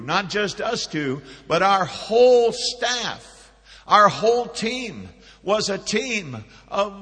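A man preaching a sermon, swinging between loud emphatic peaks and hushed storytelling. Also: sits high, in a large hall. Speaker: pastor.

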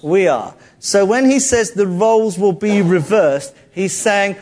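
Lively, jokey preacher man. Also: high-pitched, measured pace. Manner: lively, jokey, conversational, acts out quotes. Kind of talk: sermon.

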